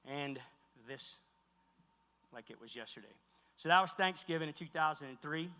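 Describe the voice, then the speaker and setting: A middle-aged man giving an emotional keynote speech on stage, halting and heartfelt, with many restarts. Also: fairly high pitch, pushed and bright. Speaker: keynote speaker. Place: large hall on stage. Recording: echoey hall recording.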